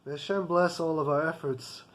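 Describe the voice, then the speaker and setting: High-voiced man telling a lesson story. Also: steady tone, normal speed, a little hiss or hum. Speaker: Torah teacher.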